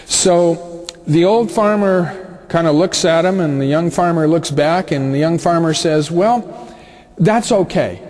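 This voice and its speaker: A man teaching a business lesson through a relaxed, conversational story, with frequent fillers. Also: fairly high pitch, measured pace.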